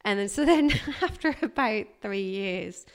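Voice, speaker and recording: A woman, a guest recounting a hard workplace experience in a candid, animated way. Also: medium pitch, measured pace. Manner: animated, emphatic retelling with bursts of loudness. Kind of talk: candid personal storytelling.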